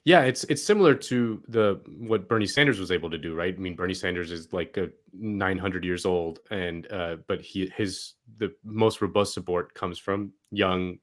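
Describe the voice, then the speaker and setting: Low-voiced man in sardonic political commentary. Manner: wry, sarcastic, quick asides. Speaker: host.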